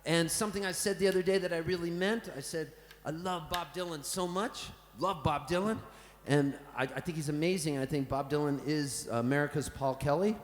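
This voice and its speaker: A singer-songwriter from Canada telling a rambling, playful, cheerfully profane story to a live audience on a festival stage. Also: male voice, a little high, brisk. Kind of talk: comic stage storytelling between songs. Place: festival big top tent, live on stage. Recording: roomy reverberant live tent sound.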